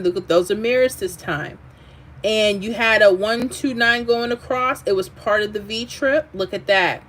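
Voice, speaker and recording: Speaking at medium pitch, a woman hosts a lottery livestream in a casual way, reading viewer comments out loud and wandering into animated asides.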